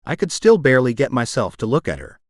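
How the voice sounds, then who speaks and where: Male audiobook narrator, expressive first-person romance read, very lively pitch, dry close studio sound. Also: fast talker, no room sound. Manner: emotional, expressive reading.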